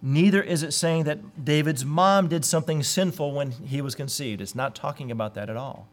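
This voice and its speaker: Male pastor, fairly high voice, earnest sermon delivery with acted-out quotes. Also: moderate pace. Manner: earnest, acts out quoted voices with sudden lifts.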